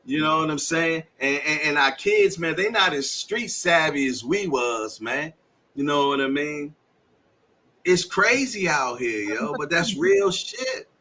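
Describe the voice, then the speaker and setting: A middle-aged man hosting a podcast, chatting casually and telling animated stories full of acted-out quotes and laughter. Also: a little high, measured pace. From Washington, D.C. area. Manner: animated storyteller, acts out quoted voices, laughs often. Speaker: podcast host. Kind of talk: casual storytelling chat.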